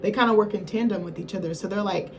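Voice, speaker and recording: A woman's voice: medium pitch, quick pace, a little mellow, a little hiss or hum. A woman reviewer giving a casual film recap in a rambling, slangy, profane way, often correcting herself mid-thought.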